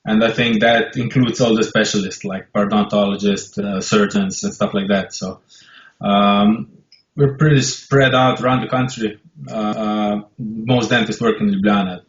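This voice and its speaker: A man in his thirties with a Slovenian accent, a dentist calmly explaining things as an interview guest on a headset. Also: lowish voice, normal speed, reverberant, lo-fi sound. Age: 30s. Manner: calm, matter-of-fact, explaining. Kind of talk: interview answers.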